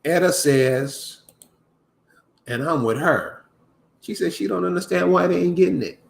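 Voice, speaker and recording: A man's voice: on the high side, fairly even intonation, a little slow, creaky. A man ranting casually to his viewers, exasperated and preachy, often restarting his words. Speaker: commentator. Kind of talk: casual rant to camera.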